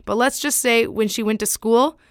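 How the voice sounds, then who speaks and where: A woman hosting a podcast, reading a scripted narration in a clear, measured way. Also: fairly high pitch, dry recording, studio quality. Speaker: podcast host.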